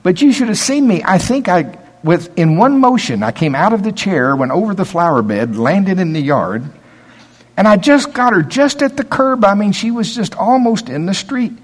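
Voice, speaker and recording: An older man preaching a sermon, folksy storytelling, dropping to low asides and rising to loud, emphatic preaching. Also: sing-song, moderate pace, breathy edge. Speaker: pastor.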